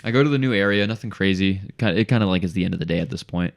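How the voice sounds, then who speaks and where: A young man, a podcast guest, telling a story in a casual, animated way and saying "dude" a lot. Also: deep voice, rapid-fire, vocal fry.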